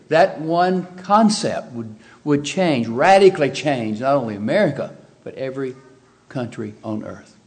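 Guy preaching a sermon, middle-pitched voice, gets loud and then drops quiet, really emphatic. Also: measured pace. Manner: emphatic, swinging between quiet asides and loud exclamations.

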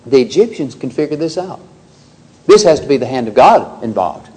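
A man's voice: mid-range voice, very animated, moderate pace, mellow, husky, poor audio. A man preaching an expository sermon, reading scripture aloud and pressing his points with rhetorical questions.

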